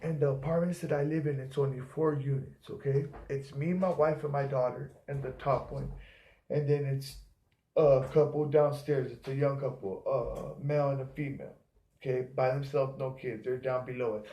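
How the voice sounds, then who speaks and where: A man's voice: mid-range voice, fairly even intonation, normal speed, mellow. A man telling rambling, profane stories in casual chat, acting out other people's voices as he goes. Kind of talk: casual storytelling. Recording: echoey room.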